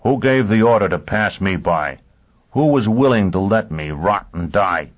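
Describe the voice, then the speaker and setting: A man voicing a vengeful, driven man who questions with calm ferocity. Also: on the low side, normal speed, phone-quality sound. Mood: menacing. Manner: cold, intense interrogation.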